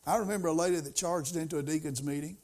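A man's voice: on the high side, very fast, darkish tone. A middle-aged man preaching a sermon as pastor, in a folksy, conversational way that rises to emphasis.

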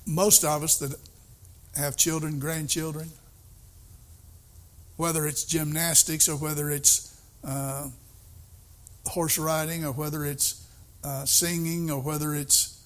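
An older man preaching a sermon, emphatic, swinging between soft asides and excited outbursts. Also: a little high, takes it slowly, long pauses.

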